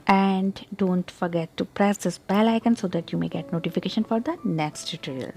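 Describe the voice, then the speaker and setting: A woman teaching English pronunciation in an online tutorial, explaining carefully and deliberately, and pronouncing example words with clear stress. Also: on the low side, a little mellow, soft background music.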